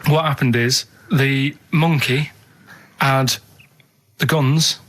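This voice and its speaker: A man's voice: mid-range voice, fairly even intonation, slow, fairly bright tone. Plodding, matter-of-fact Manchester man. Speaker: radio show regular. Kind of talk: casual radio banter.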